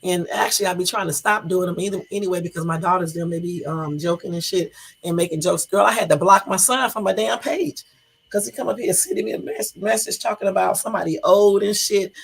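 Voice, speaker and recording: Woman, middle-aged, livestream host, husky, gravelly, rambling casual chat, profane, answers comments. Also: mid-range voice, brisk. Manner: reads and answers viewer comments.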